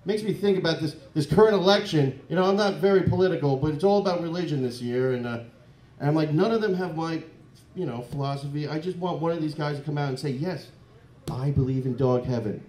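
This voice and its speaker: A man doing a crude, rambling stand-up comedy set in a comedy club, breaking into loud mock voices. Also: on the high side, fast. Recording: echoey club room.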